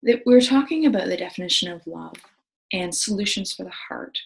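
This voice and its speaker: A woman's voice: mid-range voice, lively intonation, a little fast, vocal fry, rough recording. A middle-aged woman hosting a wellness video, talking earnestly and with enthusiasm, with many fillers and restarts. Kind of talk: casual talk to camera.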